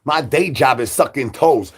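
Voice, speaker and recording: A husky-voiced man hosts a livestream in the persona of a hungry zombie. He rambles loosely, looping sing-song catchphrases and crude jokes at a mid pitch. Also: unhurried. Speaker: livestream host.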